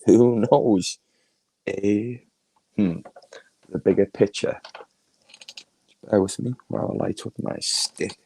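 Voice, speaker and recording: A man's voice: lowish voice, slow pace, vocal fry, long pauses, mellow, slight background noise, low-quality recording. A man with a Liverpool accent hosting a livestream, ranting crudely and mockingly, laughing often. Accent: Liverpool (Scouse). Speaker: livestream host.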